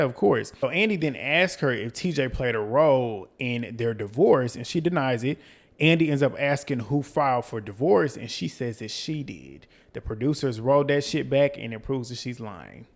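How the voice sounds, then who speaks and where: A man with a Southern twang from North Carolina talks through a reality show episode like he's telling a friend. He is chatty and gossipy, and he jumps into quick voices when he quotes the cast. His voice sits at an everyday middle pitch. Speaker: reality TV recap host. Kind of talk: casual recap and commentary.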